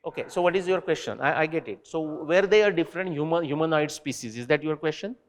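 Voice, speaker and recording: Animated man lecturing in a hall. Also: on the high side, fast talker. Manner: animated, digressive, addresses audience directly. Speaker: invited speaker. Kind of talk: lecture Q&A with students.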